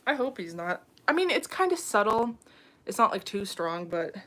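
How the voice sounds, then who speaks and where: A woman's voice: mid-range voice, sing-song, moderate pace, a bit bright. Chatty young woman livestreaming. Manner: chatty, reads viewer comments aloud, frequent ums and laughs. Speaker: livestream host. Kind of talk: casual livestream chat.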